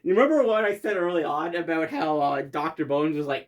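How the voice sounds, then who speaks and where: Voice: mid-range voice, fairly quick. A creator giving casual commentary over their own comedy video, rambling, swearing casually and laughing often.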